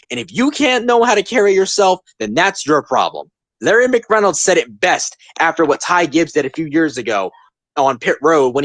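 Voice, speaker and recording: A man in his twenties hosts a casual podcast, ranting emphatically and hammering his points home. His pitch leaps and dips with real animation. The sound is dry, with no room around it. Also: fairly bright tone, no echo. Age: 20s. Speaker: podcast host.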